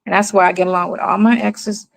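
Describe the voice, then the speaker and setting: A woman's voice: mid-range voice, quick pace, vocal fry, a little hiss or hum, low-quality recording. A middle-aged woman from the United States telling stories in casual chat, acting out the people she quotes. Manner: animated storyteller, acts out quoted people.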